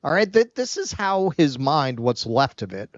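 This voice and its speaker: A man's voice: a little high, sing-song, moderate pace, no echo. A man co-hosting a political commentary show, ranting in a heated, sarcastic way with swearing and stammered starts. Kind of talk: casual political commentary rant. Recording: dull, muffled lo-fi mic.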